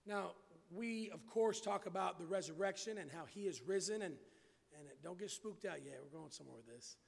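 Pastor, male, high gravelly voice, reads verses slow and emphatic, asides soft, church reverb. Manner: reads scripture slowly and emphatically, then drops to quiet asides. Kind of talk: expository Bible sermon. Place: church building.

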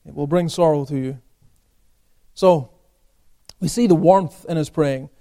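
A man preaches in a fairly high voice, a little slowly, as a pastor answering his own rhetorical questions. His delivery swings from emphatic peaks to hushed asides.

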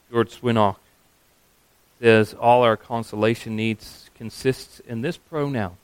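A man preaching a sermon, earnest and emphatic, slowing down to stress key words. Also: mid-range voice, clean tone, no room sound.

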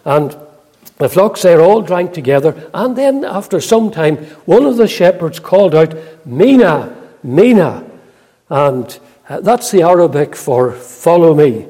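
A man preaching a sermon, reading scripture in a measured, solemn way, then expounding with frequent "uh" fillers. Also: a little high, lively intonation, dark tone, big-room sound.

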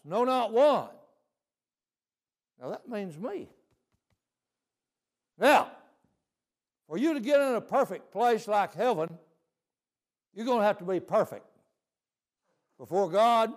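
A male preacher delivering a folksy sermon, often asking "See?". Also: high voice.

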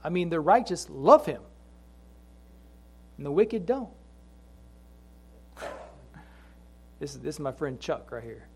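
High-voiced man preaching a sermon. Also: very animated, creaky, darkish tone, husky. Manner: conversational storytelling with slow emphatic scripture lines; repeats phrases for emphasis. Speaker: pastor.

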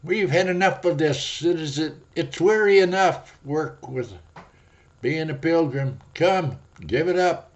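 A man's voice: on the high side, unhurried, voice pushed up, lightly acted. A man voicing the flesh as a weary complainer who whines to give up. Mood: whining. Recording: dull lo-fi audio.

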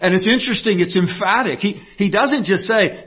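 A man preaching a sermon to his congregation, emphatic, moving from quiet, low passages to raised ones. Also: normal speed, hardly any pauses, slightly rough. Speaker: pastor. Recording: dull lo-fi sound.

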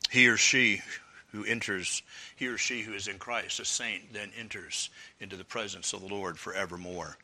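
A man's voice: fairly low pitch, fairly even intonation, moderate pace, sharp tone. A man preaching an expository sermon, earnest and emphatic, building up through repeated phrases. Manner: earnest, emphatic, with swelling repetitions.

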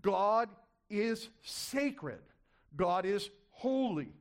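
A man's voice: high-pitched, lively intonation, drawn-out words. A man preaching a sermon, repeating key words for emphasis and asking the congregation rhetorical questions.

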